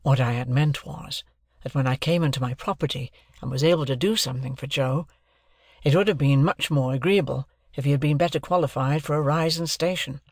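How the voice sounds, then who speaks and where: A man narrating an audiobook of a classic novel in a measured, even reading voice. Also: medium pitch, dry recording, studio quality.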